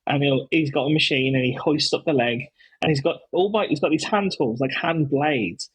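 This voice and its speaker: A man's voice: a little high, normal speed, breathy edge, no echo, low-quality recording. A man hosting a casual podcast, telling stories with enthusiasm and lots of restarts. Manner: rambling, enthusiastic, many restarts. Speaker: podcast host, dad.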